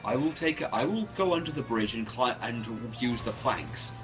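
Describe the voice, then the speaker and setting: A man's voice: medium pitch, sing-song, normal speed. A man co-commentating a gameplay session, crude and playful, trading jokes. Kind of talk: casual gameplay chat. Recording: game music underneath. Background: game music.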